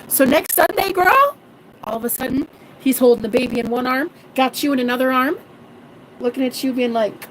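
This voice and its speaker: Over heavy background noise, a woman in her thirties speaks at a moderate pace in a slightly high, expressive voice, pausing often. She's a manifestation coach giving a casual vlog monologue, sassy and preachy, swearing freely and addressing viewers as "girl" and "honey."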